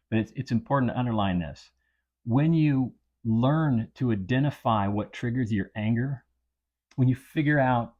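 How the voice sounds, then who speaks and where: A man's voice: mid-range voice, darkish tone, muffled recording. A man hosting a self-help podcast, talking earnestly and repeating his points for emphasis. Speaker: podcast host. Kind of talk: reflective self-help talk.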